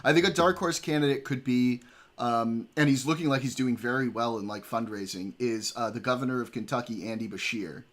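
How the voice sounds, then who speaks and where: A man's voice: medium pitch, brisk. A man co-hosting a livestream, talking politics in casual chat, earnest and given to repeating words while he tries to make his point. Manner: earnest, repeats himself to hold the floor.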